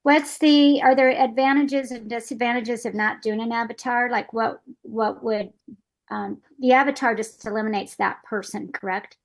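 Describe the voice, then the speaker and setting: A woman's voice: a little high, steady tone, moderate pace. A woman asking questions in a casual online Q&A, hesitant, with frequent fillers and light laughs, over a video call. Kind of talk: casual webinar Q&A.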